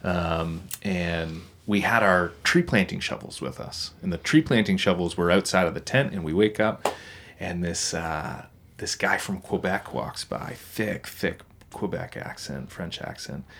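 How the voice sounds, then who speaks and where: A man's voice: low-pitched, measured pace, vocal fry, fairly bright tone, slight background noise. A young man co-hosting a podcast, talking casually in a rambling, hesitant way with many restarts. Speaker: podcast co-host. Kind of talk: casual conversation.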